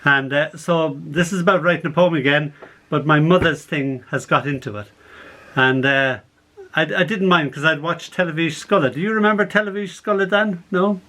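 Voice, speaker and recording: An older man, a poet, reading his poems and telling stories behind them over a video call, animated and quick to laugh. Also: a little high. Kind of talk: poetry reading with anecdotes.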